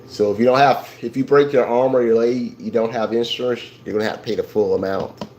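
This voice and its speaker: A man's voice: medium pitch, steady tone, fairly quick, darkish tone, a little hiss or hum, low-quality recording. Rambling man livestreaming to chat. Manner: rambling, repeats himself with restarts, chuckles at chat. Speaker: livestream host. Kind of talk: casual livestream talk to viewers.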